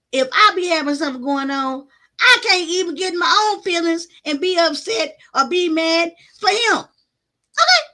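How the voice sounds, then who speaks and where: A woman hosting a casual livestream from her home on her phone, telling a story to her chat in an animated, loud and profane way. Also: sits high. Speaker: livestream host.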